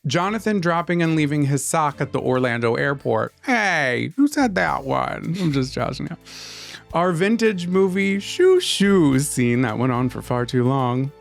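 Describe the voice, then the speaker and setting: A man's voice: fairly high pitch, lively intonation, unhurried, creaky, faint music behind. A young man co-hosting a casual podcast, announcing award categories in a playful, teasing way. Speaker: podcast co-host. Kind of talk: casual chat, handing out awards.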